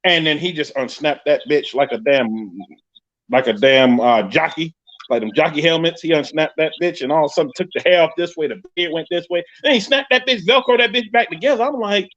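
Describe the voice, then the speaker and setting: A man with a New York accent hosting a live podcast, telling a story in a loud, profane, animated way. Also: fairly high pitch, a little fast. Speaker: podcast host. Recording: dull lo-fi stream audio.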